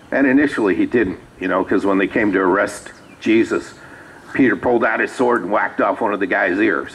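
Deep-voiced pastor preaching. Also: male voice, brisk, fairly bright tone, slight background noise, poor audio. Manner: conversational storytelling with asides. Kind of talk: sermon. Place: small rural church.

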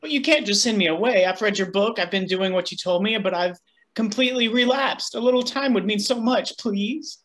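A man's voice: high-pitched, brisk, fairly bright tone. Bob, a man doing a needy, pleading patient. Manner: pleading, childlike wheedling. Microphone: video call.

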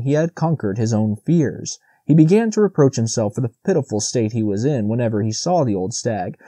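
A man narrating a classic children's novel as an audiobook in a steady, measured reading. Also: medium pitch, dry recording. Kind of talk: scripted narration.

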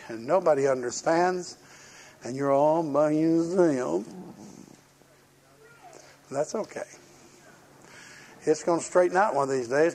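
A man's voice: fairly high pitch, a little mellow. An older man preaching a sermon in a folksy, storytelling way, acting out the voices of people in his stories.

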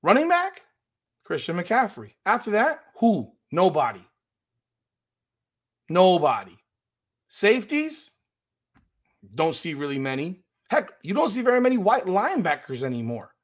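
A man's voice: fairly high pitch, fairly bright tone. Emphatic man giving opinionated commentary. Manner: emphatic, indignant, repeats himself. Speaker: podcast host.

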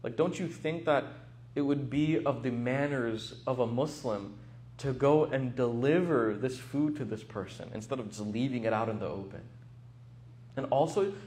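A man voicing a sly male tempter devil who talks in a smooth, friendly, wheedling way. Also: medium pitch, a little mellow, lightly acted.

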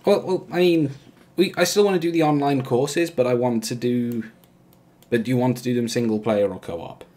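A man's voice: medium pitch, moderate pace, dark tone. A man co-hosting a casual let's-play, chatty and rambling with playful sarcasm. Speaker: co-host of a gaming channel.

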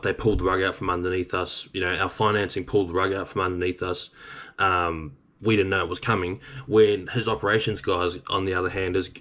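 A man's voice: low voice, a bit bright. A man in his thirties with an Australian accent, a truck driver casually telling a story in a blunt, rambling way with some swearing.

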